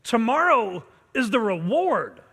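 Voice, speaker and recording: High, bright-voiced man pumping up students. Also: big pitch swings, slow pace, slightly rough. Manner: intense, urging call-and-response chants. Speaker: martial arts instructor. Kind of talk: motivational pep talk to students. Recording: long reverb from a large hall.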